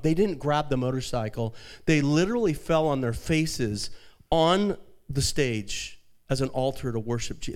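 A man preaching a sermon as pastor, telling a story softly and then rising into fervent, high-pitched preaching.

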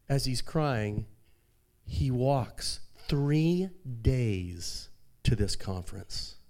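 In this sermon, a man serving as pastor tells a story in a soft voice, then climbs into high-pitched, fervent preaching.

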